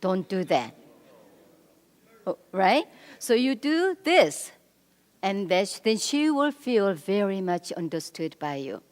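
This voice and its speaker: A middle-aged woman giving a church marriage seminar, animated as she coaches the men in the audience directly. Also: mid-range voice, takes it slowly, long pauses. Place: church hall. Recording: long reverb of a church hall.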